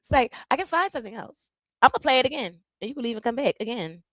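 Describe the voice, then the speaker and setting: A woman content creator chatting casually and jokingly to her viewers on a live stream, animated and self-interrupting. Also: a little high, quick pace, heavy background noise.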